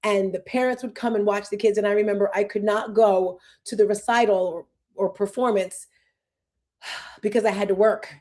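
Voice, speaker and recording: This is a woman in her fifties hosting a casual talk, her mid-range voice dark and fairly even in intonation. She rambles through fast tangents, full of emotion and occasionally tearful.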